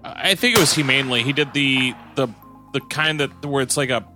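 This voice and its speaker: A man co-hosting a podcast, telling a story in casual chat with a hesitant, halting manner. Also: mid-range voice, over music. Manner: hesitant storyteller with many restarts. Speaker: podcast co-host.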